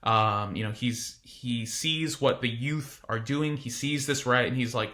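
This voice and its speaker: A man's voice: mid-range voice, measured pace, sharp tone. A man teaching a casual recorded history lecture, informal and chatty with frequent asides.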